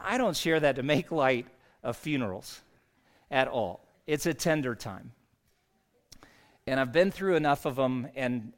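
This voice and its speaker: A man, a pastor, preaching a sermon in an earnest, conversational storytelling way. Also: medium pitch.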